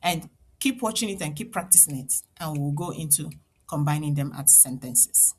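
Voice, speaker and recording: A woman with an Igbo accent teaching a children's language lesson, repeating each word slowly so learners can echo it and encouraging them along the way. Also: low voice, expressive, slightly rough. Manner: slow, drilled repetition of words for learners to echo; encouraging, addresses children and parents directly.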